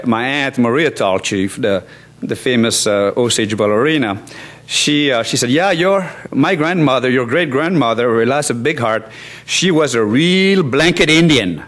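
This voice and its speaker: Man, 60s, from France; academic conference speaker, halting, wry. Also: medium pitch. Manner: halting, many restarts and fillers, wry asides. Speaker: law professor. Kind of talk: conference talk. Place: conference hall.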